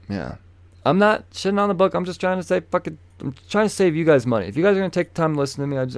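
A man's voice: on the low side, creaky, no echo. A man casually reviewing new comic book releases, blunt and profane, breaking into swearing rants.

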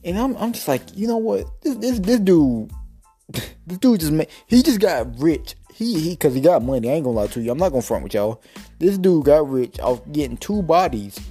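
A man's voice: on the high side, very animated, moderate pace, dark tone, slightly rough, faint music behind. A man hosting a podcast, ranting in a casual, slangy way and often repeating himself for emphasis. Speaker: podcast host. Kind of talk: casual rant.

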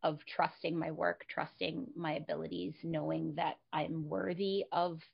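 A woman actor chatting casually, animated and candid, acting out her own past reactions and swearing freely. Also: sits low, measured pace, vocal fry, slightly rough. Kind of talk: casual conversation. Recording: dull lo-fi sound.

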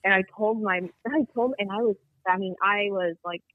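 Woman guest, call-in storyteller, lively and rambling, thin dry phone audio. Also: mid-range voice, moderate pace, no echo. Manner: animated, rambling storyteller who acts out dialogue. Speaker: guest telling a Bigfoot encounter. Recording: tinny dry phone line.

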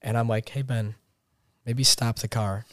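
A young man, a podcast guest, telling a long story in a casual, animated way and acting out the quotes. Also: medium pitch, unhurried, dry recording, clean studio sound. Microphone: podcast mic set slightly far.

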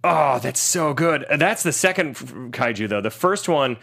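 A man's voice: fairly high pitch, expressive, normal speed, vocal fry, fairly bright tone. A man casually recapping a movie with a friend, swearing and acting out characters' lines. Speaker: podcast co-host.

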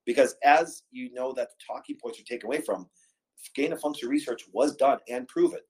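A man in the host's seat talks with emphatic conviction and keeps driving his points home with rhetorical questions. His pitch sits in the ordinary middle range for a man. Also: a little mellow, poor audio. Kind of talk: casual talk show conversation.

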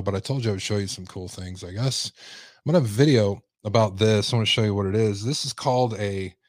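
Stream host, man, lowish voice, dry close sound, loose rambling delivery. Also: a little mellow, no room sound. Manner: casual, rambling, reads chat aloud. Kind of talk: livestream commentary.

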